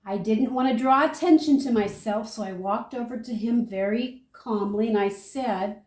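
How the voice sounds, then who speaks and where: An older woman homesteader, chatting through a food-storage demonstration and telling stories in a lively, animated way. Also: a little high, normal speed, few pauses, roomy sound, recorded from a distance. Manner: chatty, animated storyteller, talks viewers through each step. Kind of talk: casual how-to and storytelling.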